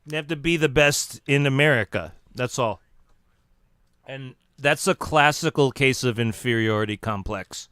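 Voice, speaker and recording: Streamer type, man, clean smooth voice, dry close desk mic, joking mock-expert rambling with stops and restarts. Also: mid-range voice, a bit bright, no room sound. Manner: joking mock-serious lecturing, halting restarts. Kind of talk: casual live stream rambling.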